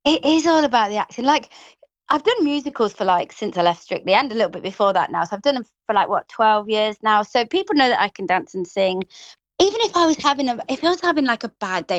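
A woman's voice: medium pitch, no echo, rough recording. A woman in her thirties with a Grimsby English accent, an actress chatting effusively in an interview, full of restarts and "like". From England. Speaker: stage actress guest. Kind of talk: casual interview chat.

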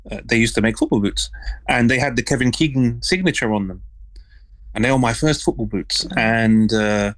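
A man's voice: medium pitch, a bit bright, no room sound, low-quality recording. A man, a guest on a talk show, speaking with many hesitations and fillers. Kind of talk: casual chat.

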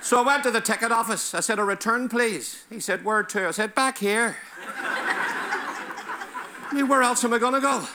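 A man's voice: very high-pitched, moderate pace, long pauses, noisy background. A man doing stand-up comedy, firing off punchy one-liners and putting on voices for his characters.

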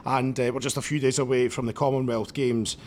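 Male radio presenter, rapid and eager interviewer. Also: mid-range voice, flat delivery, darkish tone, slight background noise. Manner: chatty, eager questioning. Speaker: radio host.

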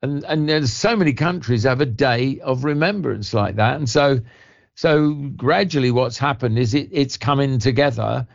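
An older English actor, a guest on a radio show, telling stories in a rambling way over the phone. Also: male voice, mid-range voice, normal speed, creaky. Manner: rambling, warm anecdotal storytelling with restarts. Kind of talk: radio interview chat. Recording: lo-fi phone line.

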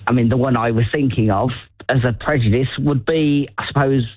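A man's voice: medium pitch, fairly even intonation, a little fast, no room sound, phone-quality sound. Hesitant man with a Birmingham accent. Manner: hesitant, many restarts. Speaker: conversation partner. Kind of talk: casual chat.

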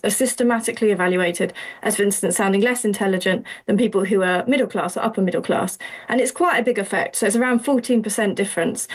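A woman with an Essex accent, an academic guest explaining her research in a thoughtful, explanatory way. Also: mid-range voice. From Essex, England. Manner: thoughtful, explanatory, uses fillers like 'kind of'. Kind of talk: interview explanation.

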